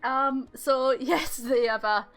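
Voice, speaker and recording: Casual woman game master, bright, rambling narration, faint music behind. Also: high voice, slow pace. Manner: casual, rambling with fillers and laughs.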